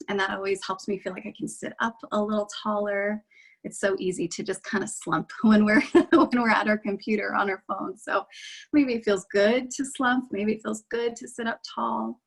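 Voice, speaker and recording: A woman leading a guided meditation in a gentle, reassuring, unhurried way. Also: medium pitch, vocal fry, low-quality recording.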